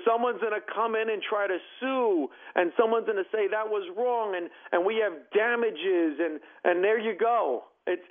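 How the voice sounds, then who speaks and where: An emphatic, animated man speaks as a guest on a talk show, telling stories with punch. His voice sits high. He comes through a thin, tinny phone line. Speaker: comedian and former judge, guest. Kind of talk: casual interview chat.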